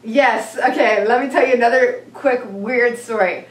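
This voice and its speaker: A woman's voice: fairly high pitch, normal speed. Bubbly young woman telling stories, roomy sound. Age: 20s. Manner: animated, acts out the people in her story. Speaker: vlog co-host. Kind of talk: casual storytelling. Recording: roomy, from a distance.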